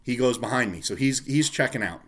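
A man's voice: mid-range voice, a little fast. A man telling a story in casual chat, ranting and swearing with lots of energy. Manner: profane, animated ranting.

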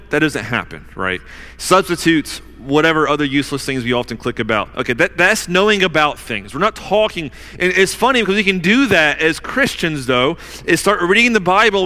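A man preaching a sermon as pastor in a casual, conversational way with fillers, slowing down hard for emphasis. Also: fairly high pitch, pushed and bright. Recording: long hall reverb.

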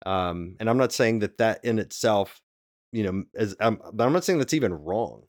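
A man co-hosting a faith podcast, easing through his points with ums and restarts. His voice sits on the low side and sounds dry and close to the mic. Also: animated, normal speed, no room sound. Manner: hedging, with many fillers and restarts. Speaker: podcast co-host. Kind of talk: casual discussion.

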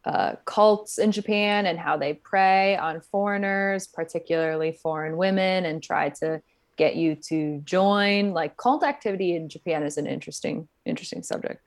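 A woman's voice: fairly low pitch, normal speed. A woman co-hosting a casual chat, reacting thoughtfully and sharing her own experience. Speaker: podcast co-host.

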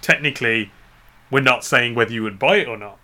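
A man's voice: medium pitch, a little fast, sharp tone. A man chatting casually on a podcast, joking, giggling and rambling through wordplay. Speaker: podcast co-host. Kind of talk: casual comedic chat.

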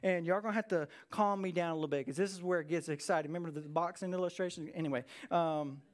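A male pastor with a high-pitched voice preaches in a lively, conversational way. His sermon is energetic and punctuated by dramatic pauses.

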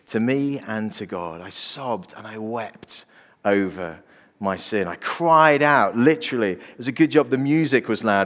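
A man, preaching a sermon as a pastor and telling personal stories earnestly. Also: medium pitch. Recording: long reverb of a large hall.

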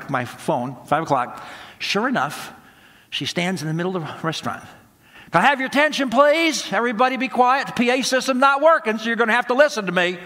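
Folksy man telling a story in a church. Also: a little high. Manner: folksy, animated storyteller acting out dialogue. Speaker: pastor. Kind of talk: sermon storytelling. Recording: long hall reverb.

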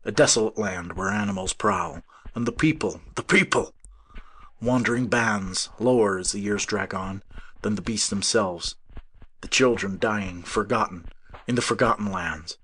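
A man voicing an older professor who speaks in a calm, solemn, measured way. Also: very deep voice, husky, pitched below the performer's own voice, full character voice. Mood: grave prophecy. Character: older male professor, grave and weary.

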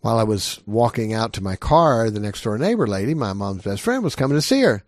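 A man's voice: fairly low pitch, big pitch swings, normal speed, dry recording, studio quality. A middle-aged man preaching a sermon as a pastor, earnest and emphatic, pressing his listeners with repeated questions.

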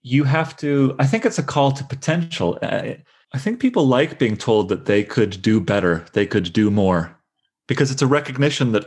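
A man leading a book discussion with students, reading passages aloud with animated emphasis. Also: medium pitch, moderate pace, breathy edge. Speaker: discussion leader.

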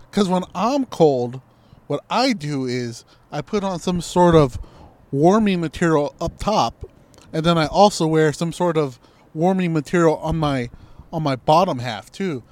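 A man's voice: on the high side, animated, a little slow, a little mellow, dry recording. A young man co-hosting a casual chat, ranting and mocking with plenty of profanity. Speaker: podcast co-host.

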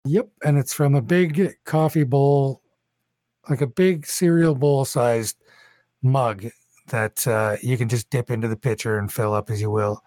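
A man's voice: medium pitch, steady tone, measured pace, darkish tone, dry recording. A man narrating as game master of a tabletop game, rambling casually with many fillers.

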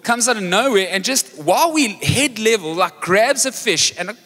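A man preaching a sermon as pastor, animated and joking as he tells a story. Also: sits high, normal speed. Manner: energetic, animated storytelling with jokes. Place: large church hall. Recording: live church hall reverb with music.

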